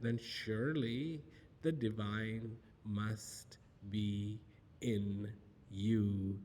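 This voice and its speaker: A man's voice: fairly low pitch, steady tone, very slow, a little mellow, a little hiss or hum. A man giving a storytelling public talk, asking rhetorical questions and repeating phrases for emphasis. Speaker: spiritual speaker. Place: large auditorium. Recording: long reverb of a large hall.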